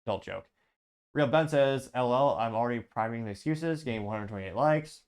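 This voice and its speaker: A man's voice: mid-range voice, brisk, a little mellow. A man hosting an online show, reading viewer comments aloud and giving chatty, sarcastic political commentary. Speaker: show host.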